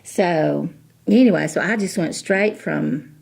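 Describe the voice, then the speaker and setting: A woman's voice: lowish voice, unhurried, creaky, darkish tone, breathy edge. A middle-aged woman, a ministry director telling a personal story in a chatty, folksy way, full of "you know" asides and acted-out dialogue.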